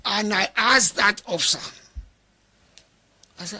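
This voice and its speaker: A man's voice: high voice, lively intonation, normal speed, vocal fry, pushed and bright, husky. A man as an interview guest, telling a story in conversation, quoting himself and others and firmly denying things. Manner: quotes himself and others in dialogue, insistent denials.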